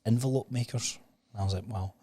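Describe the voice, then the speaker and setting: A man's voice: on the low side, fairly even intonation, fairly quick. A young Scottish man, a podcast guest, chatting casually and swearing easily. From Scotland. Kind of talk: casual chat.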